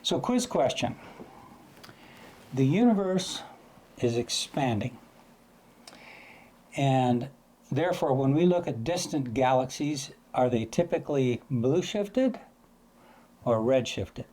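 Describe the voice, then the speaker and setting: Speaking slowly and pausing often, this man has a medium-pitched, darkish voice with lively intonation, and a little hiss or hum sits under the recording. He gives a loose, casual astrophotography lesson, sometimes imitating sounds to make a point.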